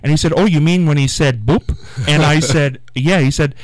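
A man's voice: on the high side, normal speed, dry recording, rough recording. A male interviewer asking about past moments and retelling a story animatedly, chuckling as he goes. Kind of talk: conversational interview.

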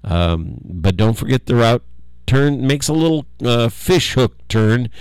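An older man giving a rambling, folksy local monologue, halting with many fillers and frequent chuckles. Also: mid-range voice, darkish tone, clean tone, dry recording.

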